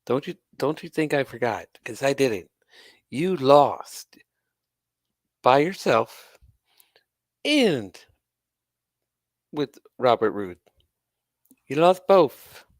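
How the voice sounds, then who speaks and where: Slow, sarcastic ranting man. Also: medium pitch, very animated, dry recording, studio quality. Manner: sarcastic, exasperated, swears. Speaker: wrestling commentary channel host. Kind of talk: ranting commentary to camera.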